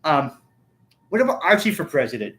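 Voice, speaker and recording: A man's voice: a little high, very animated, fairly quick, fairly bright tone. A man hosting a casual chat, asking playful questions and laughing often. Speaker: host.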